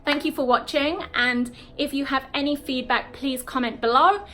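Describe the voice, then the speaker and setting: A British woman teaching English in a casual video lesson, explaining slowly and checking in with "okay?" often. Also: high-pitched, a bit bright, faint music behind. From Britain. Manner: explains slowly, repeats words, frequent "okay?".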